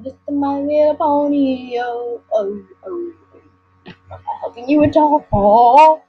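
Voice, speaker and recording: A high-pitched girl chatters through her gameplay in an unhurried, silly, rambling way, breaking into sing-song bits. The sound is a little dull and lo-fi, with faint game music underneath. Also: no room sound. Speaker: gamer recording her screen. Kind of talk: casual gameplay commentary. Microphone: computer mic.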